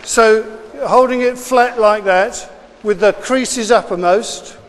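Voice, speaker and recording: A man, a teacher, giving a class of children step-by-step instructions in a brisk, encouraging way that repeats each step. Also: sits high, long reverb tail.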